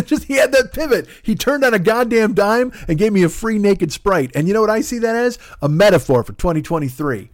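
A man's voice: high voice, animated, normal speed, no echo, studio quality. A man hosting a podcast, telling a long story in a casual, rambling, profane way and mocking himself as he goes. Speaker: podcast host.

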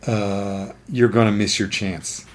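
A man voicing a young sidekick hero who reasons calmly and persuasively. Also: fairly low pitch, slow.

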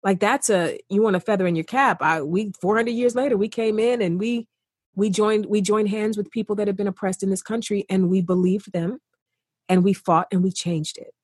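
A woman's voice: medium pitch, fairly even intonation, normal speed, darkish tone, husky, dry recording, studio quality. A woman guest in an earnest podcast conversation, speaking with passion and repeating phrases for emphasis.

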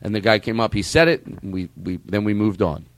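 A man's voice: lowish voice, a little fast, no room sound. A man hosting a casual comedy podcast, joking and laughing with his guest. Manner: animated, laughing, jokey. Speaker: podcast host.

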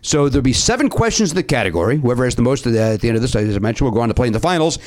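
A man's voice: medium pitch, very animated, very fast, darkish tone. A man hosting a comedy podcast game show, upbeat and self-deprecating as he explains the rules.

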